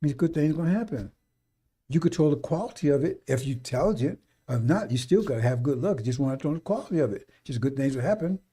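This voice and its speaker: Fiery, preachy man with high, dark voice. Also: lively intonation, quick pace, breathy edge. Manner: fiery, preachy, swears, mimics voices in asides. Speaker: radio talk host. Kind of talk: rambling radio monologue.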